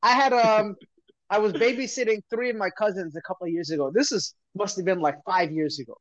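A man's voice: high-pitched, fairly quick, no echo. A man co-hosting a podcast, telling a story in casual chat with lots of laughter and restarts. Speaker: podcast co-host. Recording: dry, slightly muffled lo-fi audio.

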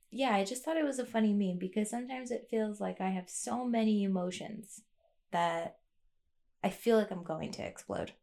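A woman's voice: medium pitch, gravelly, a little mellow. A woman talking in a rambling, candid way, as a vlogger sharing a personal rant. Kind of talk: casual confessional monologue.

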